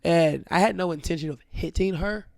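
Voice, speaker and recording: Brief: outspoken woman co-host, casual storytelling, gravelly texture. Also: fairly low pitch, fairly quick, no room sound, clean studio sound. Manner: animated, blunt, swears freely.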